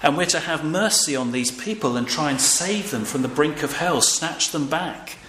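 An older preacher's voice sits on the high side, pushed and bright, with lively intonation at a normal speed. His conversational sermon includes fillers and frequent audience prompts, recorded in an echoey room with faint ambient noise.

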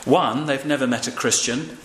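A man's voice: mid-range voice, normal speed, fairly bright tone. An older man giving a sermon in a casual, conversational way, often asking his listeners to respond. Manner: conversational, with fillers and audience prompts. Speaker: preacher. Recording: echoey room with faint ambient noise.

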